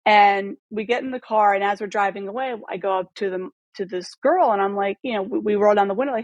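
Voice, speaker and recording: A woman's voice: mid-range voice, fairly quick, hardly any pauses, no room sound, dull audio. Thirties woman spilling a wild story on a podcast, swears a lot, does all the voices, dry sound. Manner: animated storyteller, swearing freely, acting out quoted dialogue. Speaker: podcast guest, photographer and former model. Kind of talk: casual storytelling in a podcast interview.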